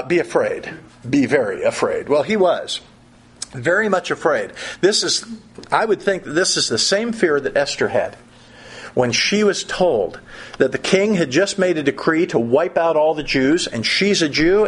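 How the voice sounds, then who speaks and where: A man delivers a sermon in an easygoing, conversational style, moving between scripture and wry asides. His voice sits a little high and has a husky, rough edge to it. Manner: conversational preaching with humorous asides. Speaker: pastor.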